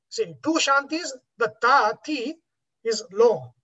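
A woman's voice: fairly high pitch, lively intonation, slow, sharp tone, husky, muffled recording. A woman teaching a class on Vedic chanting, explaining patiently with many fillers.

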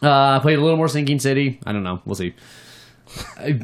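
In a mid-range voice, a man talks briskly as he co-hosts a gaming podcast. The conversation is casual, and he rants animatedly about games, swearing often.

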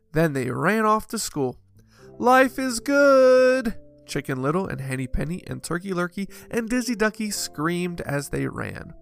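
A man hosting a show where he reads children's books aloud in a slow, expressive, rhythmic way. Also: on the high side, creaky. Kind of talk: storybook read-aloud.

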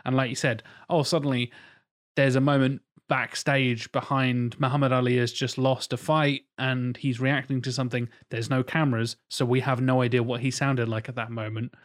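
A man's voice: mid-range voice, little pitch movement, moderate pace. A man co-hosting a podcast, chatting casually in a blunt, rambling way with plenty of swearing. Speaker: podcast co-host. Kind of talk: casual chat.

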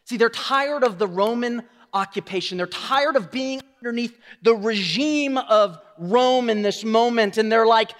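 A male pastor preaching a sermon, swinging from quiet asides to loud, emphatic declarations. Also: very high-pitched, a little slow, hardly any pauses, big-room sound.

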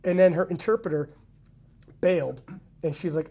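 A man's voice: fairly high pitch, moderate pace, gravelly, breathy edge. Teasing laughing podcast host man. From Canada. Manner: animated, teasing, laughs often. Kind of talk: casual podcast chat.

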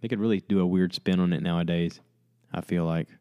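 A man's voice: deep voice, steady tone, brisk, clean tone, no room sound, lo-fi sound. A man talking on his own in a rambling, chatty way and acting out quotes as he retells stories. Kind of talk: casual monologue.

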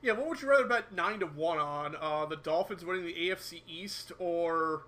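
A man co-hosting a casual sports podcast, chatty, with quick asides, often quoting himself. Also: fairly high pitch, bright, forceful tone. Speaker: podcast co-host.

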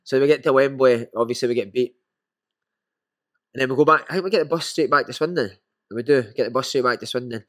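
A man's voice: mid-range voice, quick pace. Scottish man telling rowdy anecdotes. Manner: animated anecdotes with frequent "mate". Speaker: guest, former footballer. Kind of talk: casual storytelling.

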